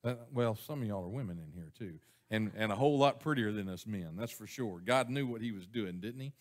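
A pastor with a lowish, expressive voice talks a little fast as he preaches a sermon in the church sanctuary. Folksy and chuckling, he often asks his congregation questions.

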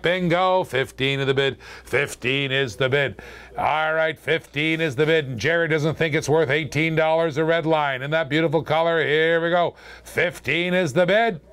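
A man hosting a live-streamed toy car auction, calling bids in quick, chatty patter and joking with viewers. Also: a little high, fairly bright tone, smooth. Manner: chatty, joking, fast auction calls with laughs.

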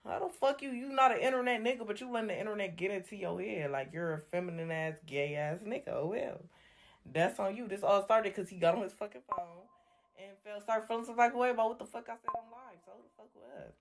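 A woman's voice: medium pitch, fairly quick. Drunk woman taunting on a livestream. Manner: brash, taunting, repeats lines over and over. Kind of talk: livestream rant. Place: home bedroom, indoors.

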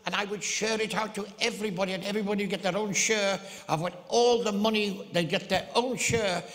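A man's voice: sits high, steady tone, a little fast, fairly bright tone, pitched above the performer's own voice. A man putting on the voice of a little old Irishman with an Irish accent, who keeps repeating himself as he rambles on. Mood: earnest. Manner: repetitive, stumbling over his words. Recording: long hall reverb.

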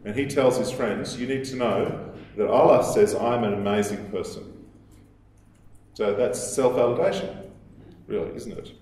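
A man giving a recorded lecture, explaining at a measured pace and quoting sources, with some fillers. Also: medium pitch, darkish tone, slight background noise. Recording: very echoey room.

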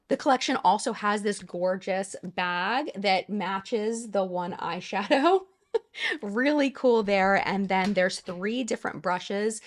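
Woman, thirties, excitable beauty review, gushing, medium pitch. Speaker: beauty vlogger. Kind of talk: casual product review.

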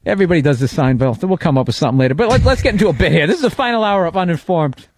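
A man's voice: fairly high pitch, lively intonation, very fast, dry recording. A man hosting a comedy radio show, setting up bits and teasing his co-host. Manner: teasing, sets up bits, stammering restarts.

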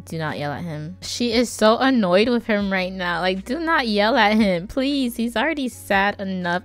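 Female gamer voicing casual commentary, mid-pitched and playful, with soft background music. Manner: chatty, playful, prone to sudden exclamations. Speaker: gaming YouTuber.

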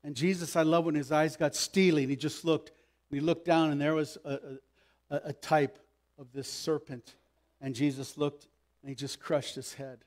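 A man preaching a sermon as pastor, emphatic, swinging between loud pleas and hushed asides. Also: a little high, little pitch movement, normal speed.

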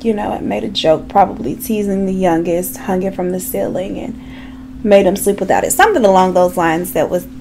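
A woman's voice: medium pitch, moderate pace, vocal fry, background noise. A woman telling a true crime story in a casual, chatty way, with frequent asides to her viewers. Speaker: true crime makeup vlogger.

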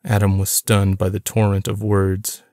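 A man narrating a novel chapter in a plain, even storytelling manner. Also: on the low side, normal speed, smooth, dry recording, clean studio sound. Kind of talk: audiobook reading of a novel.

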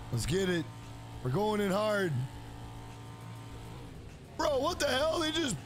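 A man live-streams a game. His voice sits high with a gravelly edge, and he talks slowly as he trash-talks the cars. Game music plays steadily behind his profane, excitable commentary. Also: background noise. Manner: greets and thanks chat viewers.

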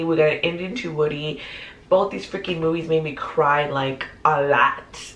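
A woman in her thirties chatting casually through a movie countdown, animated and full of fillers. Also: on the low side. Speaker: movie vlogger. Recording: roomy echoey room.

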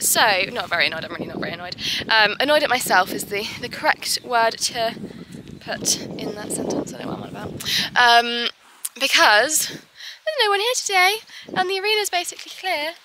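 A woman's voice: a little high, big pitch swings, a little fast. A young woman vlogging at a horse yard, chatty and giggly, cooing fondly at her horses. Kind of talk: casual vlog chat. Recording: loud wind noise outdoors.

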